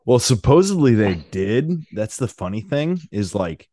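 A man hosting a podcast, relaxed and conversational, chuckling and answering with short agreeing sounds. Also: mid-range voice, measured pace, no room sound, studio quality. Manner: laid-back, chuckles and agrees with short "mm-hmm"s. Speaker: podcast host. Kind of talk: casual interview chat.

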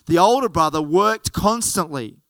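A man preaching a storytelling sermon and acting out each character. His voice sits high and sounds smooth and resonant. The recording is dry and close. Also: lively intonation, moderate pace, no room sound. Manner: storytelling, earnest, acts out the characters.

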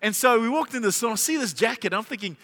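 A middle-aged man preaching with a high, bright, ringing voice. He tells jokes and stories and asks the congregation rhetorical questions. His voice echoes through a large church hall with a long reverb. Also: lively intonation, racing. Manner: humorous storytelling with rhetorical questions. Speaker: pastor. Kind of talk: sermon.

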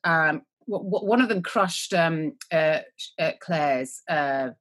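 A woman's voice: low voice, takes it slowly, a bit bright. A woman co-hosting a podcast, recapping a TV episode in casual, rambling chat, joking and trailing off mid-word. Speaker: podcast co-host.

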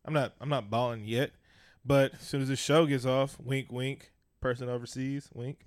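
A man's voice: medium pitch, steady tone, moderate pace, no echo, studio quality. A man co-hosting a podcast in casual chat, telling stories animatedly, swearing freely and acting out what others said. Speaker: podcast co-host.

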